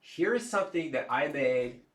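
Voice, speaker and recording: A man's voice: medium pitch, expressive, normal speed, echoey room, a crowd in the background. A man hosting a casual livestream, chatty and given to laughing, fumbling with the computer as he talks. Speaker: livestream host and game creator.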